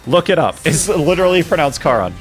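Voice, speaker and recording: A man's voice: a little high, very animated, quick pace. A young male streamer talks casually with his chat, joking, laughing and bickering playfully. His voice swings up and down with plenty of life, and faint music plays behind him.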